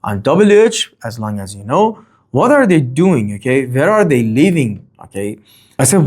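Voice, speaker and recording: Non-native male English teacher with a lively, up-and-down voice. Casual, rambling delivery. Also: mid-range voice, a little slow, breathy edge. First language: not English. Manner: lively, rambling, fond of "okay?" and "let's say". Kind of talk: grammar lesson.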